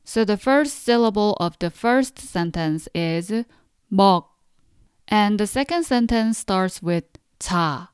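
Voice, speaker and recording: Very smooth-voiced woman teaching patiently. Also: mid-range voice, lively intonation, dry recording, clean studio sound. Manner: patient, encouraging, pronounces words slowly for repetition. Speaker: Korean language teacher. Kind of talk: podcast language lesson.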